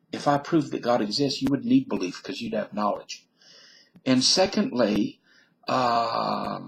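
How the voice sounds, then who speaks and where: A man's voice: mid-range voice, creaky, poor audio. A man reading a mathematician's biography aloud who keeps breaking off into wisecracking asides and comments on his own reading.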